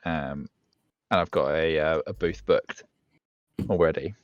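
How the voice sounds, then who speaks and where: Deep-voiced man playing a tabletop game. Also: measured pace, no room sound, highs cut off. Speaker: player. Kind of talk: casual tabletop game chat.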